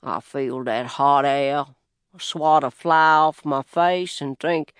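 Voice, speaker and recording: Slow, smooth-voiced Southern US male narrator. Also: fairly high pitch, a bit bright, dry recording, clean studio sound. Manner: unhurried, plainspoken, wry storytelling in dialect. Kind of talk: first-person audiobook narration.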